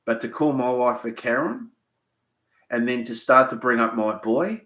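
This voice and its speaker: A man's voice: mid-range voice, animated, moderate pace, a bit bright, echoey room. An Australian man hosting a live Q&A, rambling and swearing as he tells a story bluntly. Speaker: fishing channel host. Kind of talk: live Q&A chat.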